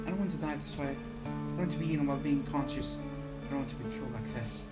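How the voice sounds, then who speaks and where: A woman streamer giving an intense dramatic reading of a visual novel, swinging from hushed whispers to loud cries. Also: low-pitched, fast talker. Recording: clear background music.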